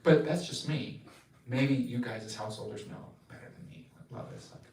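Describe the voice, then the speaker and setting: Animated man telling a sacred tale. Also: medium pitch, a little fast. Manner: animated, laughing often, chatty. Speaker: spiritual storyteller. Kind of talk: devotional storytelling talk. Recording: roomy, distant mic, faint noise.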